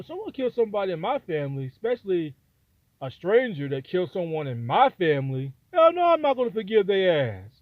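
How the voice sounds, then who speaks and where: A vlogger with a high voice delivers an angry opinion rant, heated, profane and repetitive. The sound is dry and phone-like, with no echo.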